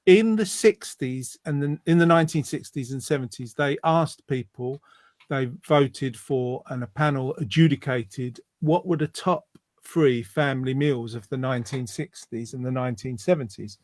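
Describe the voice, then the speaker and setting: A man's voice: medium pitch, normal speed, a little mellow, no echo. A man from the UK hosting a casual chat show, jokey and rambling. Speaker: host.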